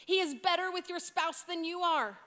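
A woman preaching a sermon, earnest and emphatic, dropping to a hush on key points. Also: extremely high pitch, moderate pace, long reverb tail.

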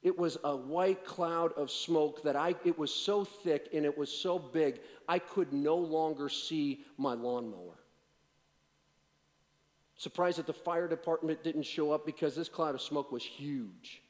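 A man preaching in a long-echoing hall, his voice sitting a little high for a man. He rises into emphatic, driving points, then drops to a hushed, joking, conversational storytelling tone. The warm humor is self-deprecating and plain-spoken. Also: measured pace. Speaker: pastor. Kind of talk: sermon with personal storytelling.

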